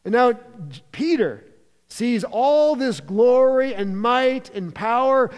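A man preaching with a high voice and lively, emphatic storytelling. He reads scripture and jokes lightly between the passages, while a long hall reverb lingers around his words. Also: unhurried. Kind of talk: sermon.

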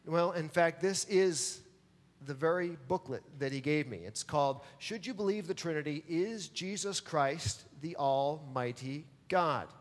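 High-pitched guy preaching, emphatic, pushes the crowd to answer, long hall reverb. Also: measured pace. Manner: emphatic, calls for audience response. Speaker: pastor. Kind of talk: sermon.

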